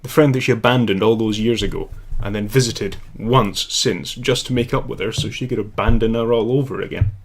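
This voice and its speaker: A man's voice: fairly low pitch, fairly even intonation, brisk, hardly any pauses. A man reacting to a cartoon episode with sarcastic, ranting commentary.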